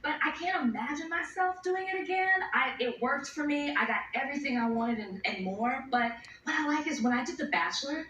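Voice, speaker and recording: A woman in her thirties, a guest on a talk show, who tells animated stories and acts out the quotes. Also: high-pitched, brisk, few pauses, echoey room, recorded from a distance, slight background noise. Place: TV studio.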